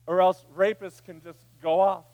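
A man preaching a sermon, dropping to a hush and then rising to a shout. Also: high voice, little pitch movement, normal speed, phone-quality sound. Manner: preaching, swinging from hushed to shouting. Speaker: pastor.

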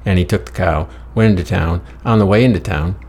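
A man's voice: deep voice, brisk, a little mellow, breathy edge. A man narrating a crude, profane comic fairy tale with a rambling delivery. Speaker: storyteller.

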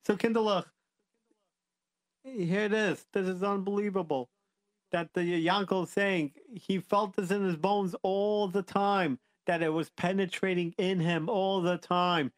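A man's voice: sits high, steady tone, unhurried, no room sound, studio quality. A man telling a story to children, rambling and playful, interrupting himself and bantering.

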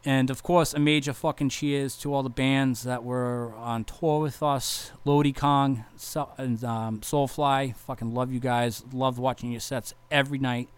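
Brief profane young metal bassist. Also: male voice, fairly even intonation, unhurried, few pauses, clear, resonant tone. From Massachusetts. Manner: profane, rambling, heartfelt, lots of fillers. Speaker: touring metal bass player. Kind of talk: casual vlog thank-you message.

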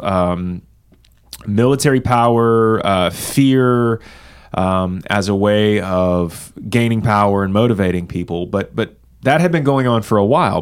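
A man, co-hosting a casual talk on church history, measured and explanatory with many filler words. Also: on the low side, clean tone. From American South. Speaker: podcast co-host.

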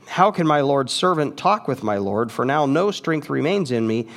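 A man in his fifties, a pastor, preaching a sermon with expressive, emphatic rises and asides. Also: medium pitch, normal speed. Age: 50s. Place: church sanctuary.

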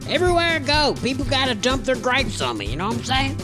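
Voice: sits high, huge pitch swings, fast talker, over music. A performer voicing a folksy, gossipy talking possum in a comedy podcast sketch. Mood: griping. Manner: folksy drawl, complaining storyteller.

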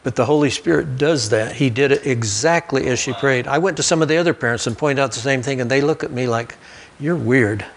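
Speaking quickly with hardly a pause, a male pastor in a mid-range voice spins his sermon out of folksy stories from his own life. The setting is a church sanctuary, and he sometimes restarts his phrasing mid-thought.

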